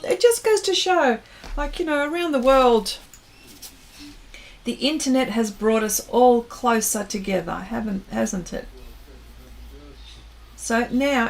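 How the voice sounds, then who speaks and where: A woman's voice: fairly high pitch, gravelly. A woman hosting an art livestream, chatting casually while she paints and reading viewers' comments aloud, often trailing off mid-sentence.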